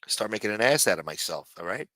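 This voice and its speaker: A man rambles through a casual livestream, cursing freely and ending half his sentences with "man." His voice is bright and forceful, and the sound is close and dry. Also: fairly low pitch, sing-song, fast, no echo. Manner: rambling, profane, says "man" a lot. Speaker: livestream host.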